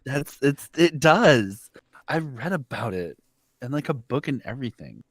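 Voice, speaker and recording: A man co-hosting a casual livestream chat, trading teasing deadpan jokes. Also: medium pitch, a little slow, no echo, studio quality. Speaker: stream co-host.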